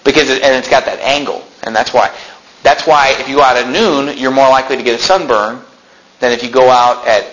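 A pastor preaching a sermon in a church, explaining scripture with rhetorical questions and folksy asides. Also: male voice, medium pitch, steady tone, fairly quick, fairly bright tone, highs cut off.

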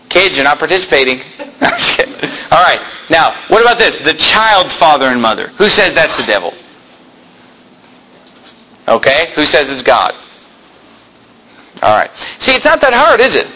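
A man's voice: on the high side, big pitch swings, normal speed, pauses often, bright, forceful tone, slight background noise, poor audio. A man preaching a fiery sermon in a church, combative and sarcastic, quizzing the congregation. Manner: combative, sarcastic, asks the congregation for shows of hands.

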